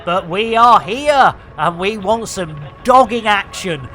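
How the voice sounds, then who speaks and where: A man hosts a live game stream, rambling along with bawdy, theatrical jokes. His voice is bright, and his pitch swings up and down a lot. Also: lively intonation, slow, soft background music. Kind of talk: cheeky live-stream chat.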